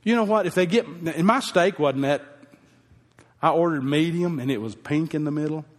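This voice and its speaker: A man's voice: on the high side, normal speed. A man, a pastor telling a heartfelt personal story in a folksy sermon. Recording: long hall reverb.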